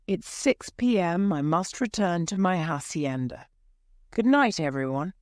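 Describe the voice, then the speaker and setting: A gentle, peace-loving nobleman from a storybook, as a woman reads him. His words come calm and slow. The sound is smooth and dry. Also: lowish voice, no room sound. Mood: polite. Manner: mild, calm. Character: gentle rich young nobleman, hates violence.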